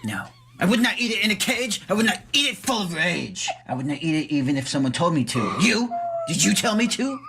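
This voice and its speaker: A man's voice: high-pitched, sing-song, a little fast, gravelly, pushed and bright, slight background noise, heavily acted. A man voicing a manic male cat who recites slam poetry in a sing-song rhyming delivery over faint music.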